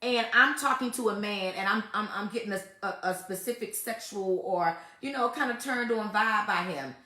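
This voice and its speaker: A woman's voice: mid-range voice, moderate pace, bright, forceful tone, roomy sound. A woman hosting a casual faith-based talk on relationships, emphatic and repetitive, often laughing as she makes her points. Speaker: host giving relationship advice.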